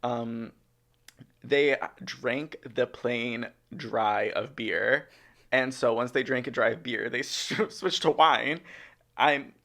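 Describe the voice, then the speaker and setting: A man's voice: mid-range voice, takes it slowly, gravelly, bright, forceful tone. A young man co-hosting a podcast in casual chat, rambling and chatty with lots of ums. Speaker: podcast co-host. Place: podcast studio.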